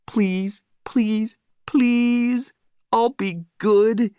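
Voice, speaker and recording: A man voicing the inner thoughts of an eager young male dog in a storybook, pleading and puzzled in a high voice. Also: steady tone, extremely slow, dark tone, smooth, dry recording, clean studio sound, full character voice. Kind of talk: storybook narration.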